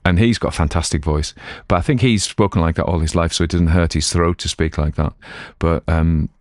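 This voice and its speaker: A middle-aged man with a Cumbrian accent talks in a very deep voice as he chats to his listeners. He wanders off topic and pokes fun at himself in a loose, chatty manner. The sound is dry and close, with no room echo. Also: fairly even intonation, a little fast, a little mellow. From Cumberland, England. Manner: digressive, self-mocking, chatty. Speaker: audiobook reader and channel host. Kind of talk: casual rambling chat.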